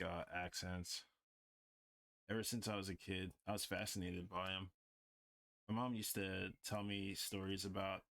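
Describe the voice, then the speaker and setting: Deep voiced guy rambling on stream while drawing, says like a lot. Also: fairly bright tone. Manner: rambling, heavy use of "like". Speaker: livestreamer. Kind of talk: casual chat while drawing.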